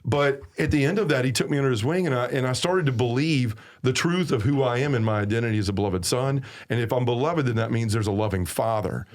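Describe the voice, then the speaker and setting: A man with a Southern US accent speaks earnestly, with a preacher's emphasis. His voice sits at an ordinary middle pitch as he shares his testimony as a podcast guest. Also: quick pace, few pauses. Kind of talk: personal testimony in a podcast conversation.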